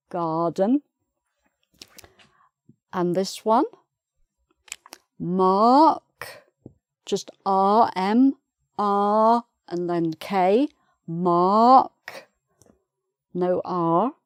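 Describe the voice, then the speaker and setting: A woman's voice: medium pitch, a little mellow, clear, resonant tone, no room sound, clean studio sound. A woman with a British English accent gives a pronunciation lesson, patiently repeating example words. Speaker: pronunciation teacher.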